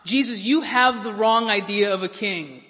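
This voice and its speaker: A man's voice: sits high, moderate pace, bright, forceful tone. A man preaching a sermon and voicing a bold, impulsive male disciple who protests with indignant emphasis. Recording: long reverb of a large hall.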